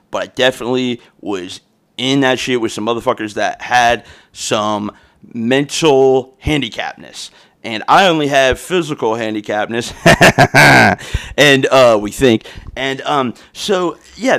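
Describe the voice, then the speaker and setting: A man's voice: medium pitch, a bit bright. A young adult man hosting a podcast, talking in a rambling, profane, slang-heavy casual rant, recorded on a phone. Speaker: podcast host.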